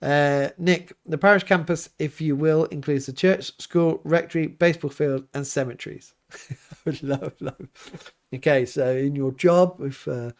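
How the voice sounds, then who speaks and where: A man, a priest hosting a relaxed livestream, reading viewer comments aloud and chatting back with an easygoing, often laughing manner. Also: on the high side, moderate pace. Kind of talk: casual livestream chat. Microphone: livestream mic.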